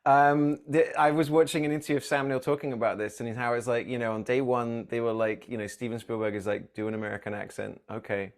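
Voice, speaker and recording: Male podcast co-host, mid-pitch, rambling casual movie talk, self-correcting. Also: steady tone, fairly quick, hardly any pauses.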